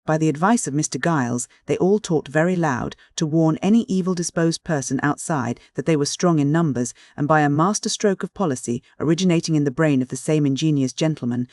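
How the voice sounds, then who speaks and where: A male audiobook narrator reading a classic novel in a measured, steady way. His voice sits a little higher than most men's. The recording is close and dry, with no room sound. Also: no echo.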